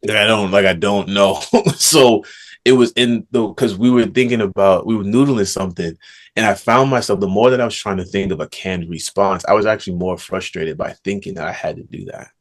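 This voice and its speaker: A man's voice: lowish voice, a little fast. A man, a guest author, talking casually in a rambling way, full of filler words and slang. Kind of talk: casual conversation.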